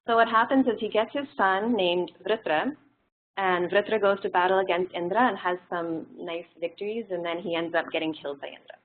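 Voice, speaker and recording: A woman teaching a classroom lesson in a relaxed, explanatory way, pausing on frequent fillers. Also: medium pitch. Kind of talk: classroom lecture. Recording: tinny phone-like audio.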